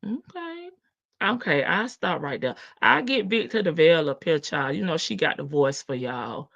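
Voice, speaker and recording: A woman's voice: low voice, big pitch swings, moderate pace, creaky, a bit bright, no room sound. Woman livestream host, sassy, teasing, laughs a lot, dry close sound, dull lo-fi audio. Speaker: livestream host reading chat. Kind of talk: casual livestream commentary.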